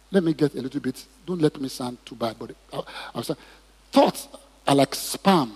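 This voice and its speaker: A man's voice: fairly high pitch, darkish tone, slightly rough. A man preaching a sermon in church, asking the congregation questions and drawing responses. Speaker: pastor. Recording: reverberant hall.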